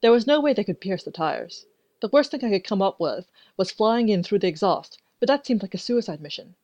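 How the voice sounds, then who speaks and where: A woman narrating a first-person story in an even, measured way. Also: mid-range voice, no echo. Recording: dry, dull lo-fi recording.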